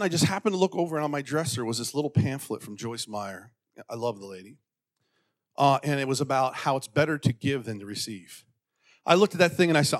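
A pastor telling a personal story from the pulpit, acting out voices in a raised pitch and sinking to quiet, intimate passages. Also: male voice, fast talker. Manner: animated, acts out quotes in a raised pitch. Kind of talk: sermon storytelling.

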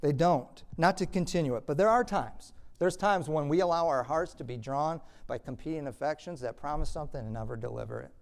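Pastor preaching emphatically. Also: male voice, fairly high pitch, fairly quick, creaky, few pauses. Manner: swings from quiet explaining to loud emphatic preaching. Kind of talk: sermon.

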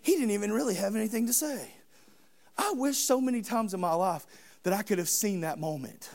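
High-voiced, storytelling preacher. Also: male voice, brisk, gravelly. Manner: animated, humorous storytelling. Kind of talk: sermon.

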